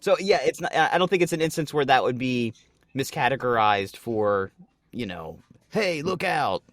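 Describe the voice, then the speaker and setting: Animated man reading stories, dry sound. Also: mid-range voice, moderate pace, no room sound. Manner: animated storyteller, reads news with mock voices and swears. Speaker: podcast co-host. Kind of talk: casual comedic podcast chat.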